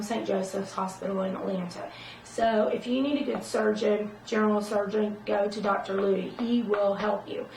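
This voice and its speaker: A woman's voice: medium pitch, vocal fry, a little hiss or hum. A middle-aged woman vlogging casually about her own experience, rambling and emphatic, often checking in with "okay?". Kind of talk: casual personal talk to camera. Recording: roomy echo, distant from the mic.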